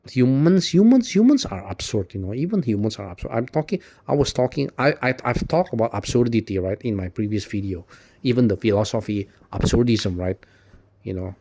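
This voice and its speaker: A man with a lowish voice talks straight to his viewers in a loose, rambling monologue. He circles back on himself, repeats words and leans on "you know" constantly. Frustration slips out as swearing, followed by quick apologies and short laughs. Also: darkish tone. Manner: rambling, heavy use of "you know", frequent restarts; laughs between points. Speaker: video host. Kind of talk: unscripted philosophical monologue to camera.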